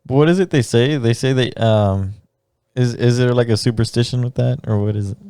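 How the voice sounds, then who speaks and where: Podcast host man, laughs a lot, dark mellow voice, dry close sound; rambly storyteller. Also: medium pitch, a little fast, smooth, no echo. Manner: laughs often, rambling storytelling with many fillers. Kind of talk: casual chat.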